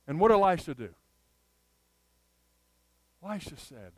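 A man preaching a sermon, telling a Bible story in a lively way and acting out the characters. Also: on the high side, moderate pace, pauses often, no room sound, low-quality recording. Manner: animated storyteller acting out scenes. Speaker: pastor.

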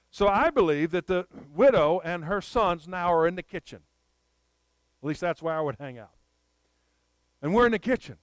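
A man preaching a sermon, telling a Bible story in a lively way and acting out the characters. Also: high voice, smooth, no echo, low-quality recording. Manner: animated storyteller acting out scenes. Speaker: pastor.

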